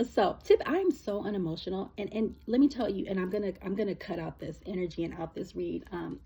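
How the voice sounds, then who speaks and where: A woman giving a casual spiritual reading, rambling and emotional, with many halting fillers. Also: medium pitch, gravelly, warm tone, slightly rough, muffled recording. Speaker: spiritual reader.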